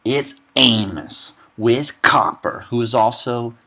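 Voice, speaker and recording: Deadpan and sarcastic, a young man runs through a film's plot for laughs in a medium-pitched voice, slipping in snippets of what characters say and rapid side comments.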